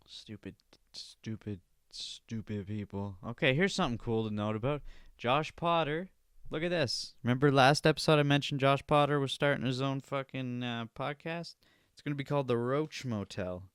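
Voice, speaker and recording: A man's voice: mid-range voice, a little fast, fairly bright tone, clear, resonant tone, dry recording, studio quality. A man hosting a solo podcast, ranting indignantly and swearing freely, often tossing in "all right?" as a tic. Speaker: podcast host. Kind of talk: solo podcast commentary rant.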